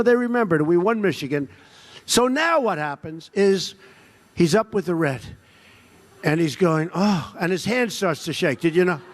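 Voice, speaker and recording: A man giving a political rally speech, boastful and repetitive, mocking opponents and slipping into quoted voices. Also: high voice. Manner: drops into quoted voices of others. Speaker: rally speaker.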